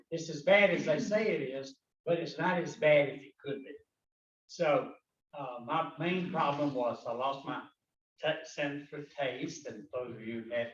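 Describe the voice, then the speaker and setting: A man in his nineties giving halting, informal remarks as a club member at a meeting. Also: a little high. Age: 90s. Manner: halting, with fillers. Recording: echoey room from far off, dull sound.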